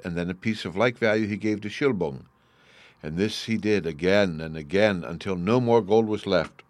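A man narrating a storybook in a measured way, slowing down on speech tags. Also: on the low side, no room sound.

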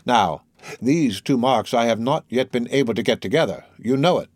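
A man reading an old novel aloud, voicing a severe older male archdeacon who speaks coldly and slowly, like a lecturer. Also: medium pitch, animated, a little mellow, dry recording, clean studio sound, close to an everyday voice. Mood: stern. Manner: cold, measured, lecturing.

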